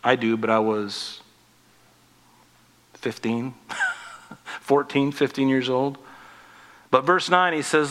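A man in his forties preaching a sermon as pastor, rising in force on scripture and dropping soft on tender points. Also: mid-range voice, steady tone, measured pace, long pauses. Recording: long reverb of a large hall.

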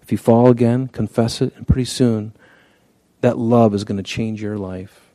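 A man preaching in a mellow, relaxed voice, conversational and earnest, reading scripture and often stopping to restart a phrase. The sound is dry and close. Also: medium pitch, normal speed, no room sound. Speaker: pastor.

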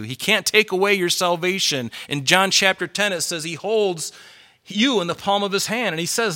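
A man's voice: high-pitched, moderate pace, pushed and bright. A male pastor delivering a sermon to a congregation, conversational and worked up, driving his points home with emphatic repetition. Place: church hall with congregation.

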